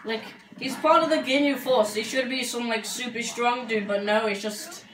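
A woman's voice: fairly high pitch, steady tone, moderate pace, a crowd in the background. A woman commentating gameplay in a chatty, joking way, with many filler words. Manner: chatty, joking, says like a lot. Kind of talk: let's play commentary. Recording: echoey room, far from mic, game music.

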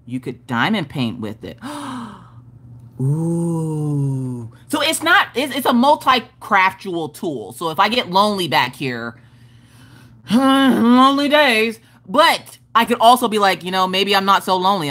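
Bright-voiced woman hosting a livestream. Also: fairly low pitch. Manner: rambling, joking, laughing, profane. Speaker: livestream host. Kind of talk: casual livestream chat.

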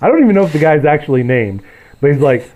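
A man with a fairly high voice that swoops a lot as he talks movies on a podcast. He drops wry, sardonic asides in a casual back-and-forth. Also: big pitch swings, fast talker, mellow. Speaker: podcast co-host. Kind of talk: casual film recap chat.

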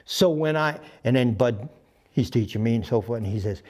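Man, 70s, veteran interviewee; salty, animated storyteller who does voices and sound effects. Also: mid-range voice, normal speed. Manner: profane, acts out voices and sound effects in his stories.

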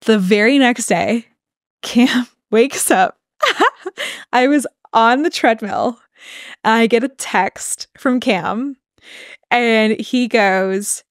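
A young adult woman co-hosting a podcast, telling a personal story in a casual, animated way, laughing often and acting out what people said. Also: on the high side, very slow, pauses often, no echo, studio quality. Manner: animated, laughing, quotes people in acted voices. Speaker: podcast co-host.

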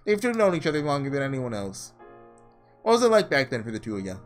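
A man's voice: mid-range voice, big pitch swings, quick pace, soft background music, close to an everyday voice. A man voicing a scornful young man from the slums, speaking in a slangy, mocking drawl.

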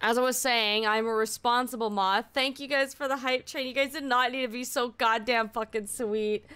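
Bright, excitable woman streamer who swears. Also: a little high, moderate pace, clean tone. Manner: excitable and heavily profane. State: voice still recovering from strain. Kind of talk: casual live-stream chat.

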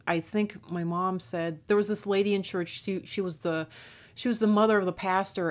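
Woman, faint Minnesotan accent, neutral American sound, casual rambling monologue, frequent restarts, video host. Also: medium pitch. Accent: faint Minnesotan, mostly neutral American. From northern Minnesota, US. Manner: digressive, many restarts and fillers. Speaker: YouTube channel host.

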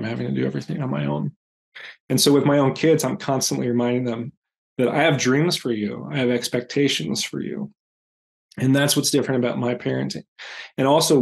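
A gravelly-voiced man in his forties speaks as a podcast guest, earnest and candid, with the odd pause. He sounds a little congested, and his pitch sits at an ordinary middle height. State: congested, clears throat. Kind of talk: reflective interview answers.

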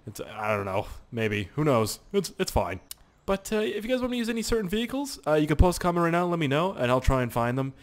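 A young man giving casual, excitable gameplay commentary, swearing and laughing as he plays. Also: fairly high pitch, fast talker. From Canada. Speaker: gaming YouTuber.

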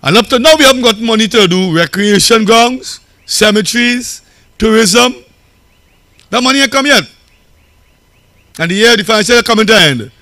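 A Trinidadian man addresses a campaign rally as a local council chairman. His voice is high and bright, recorded dry and close. He talks in a loose, storytelling way and repeats phrases for effect. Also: expressive, normal speed, long pauses, no room sound.

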